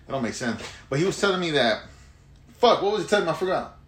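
A man's voice: fairly high pitch, sing-song, quick pace, a bit bright, a little hiss or hum. A man from Houston telling rambling stories in casual, profane chat. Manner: rambling storyteller, profane, laughs a lot. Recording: echoey room with faint ambience.

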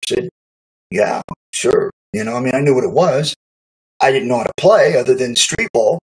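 A middle-aged man casually recounting a memory, animated, acting out quotes and laughing often. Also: mid-range voice, moderate pace, rough recording. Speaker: storyteller recalling youth football. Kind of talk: casual spoken memoir.

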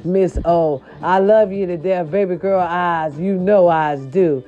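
A woman's voice: lowish voice, unhurried, warm tone. A woman hosting her own show, chatting casually and sassily about celebrity gossip with slangy asides. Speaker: host. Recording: dull lo-fi sound with faint music.

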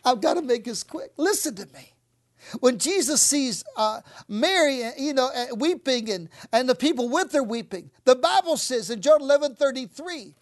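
A woman preaching an impassioned sermon, swinging between fervent shouts and hushed whispers. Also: high-pitched, animated, normal speed.

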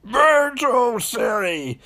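A man's voice: extremely high pitch, big pitch swings, drawn-out words, pushed and bright, pitched above the performer's own voice, exaggerated voice. A man voicing a gloating male supervillain who taunts and laughs mockingly. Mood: menacing.

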